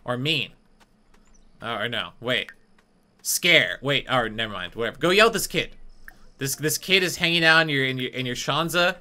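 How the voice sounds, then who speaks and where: A man streaming a life-sim game, chatting casually and bursting into mock-outraged shouting. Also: mid-range voice, lively intonation, moderate pace, long pauses. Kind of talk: let's play commentary.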